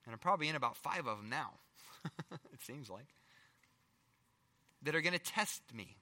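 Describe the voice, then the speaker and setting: A middle-aged male pastor preaching a sermon, firing rhetorical questions and swinging between loud emphasis and hushed asides. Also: mid-range voice, lively intonation, moderate pace, in a large hall.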